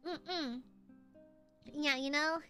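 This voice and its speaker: A woman's voice: high voice, very slow, bright, forceful tone, soft background music. A young woman streamer in casual chat, rambling and laughing often. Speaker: VTuber streamer.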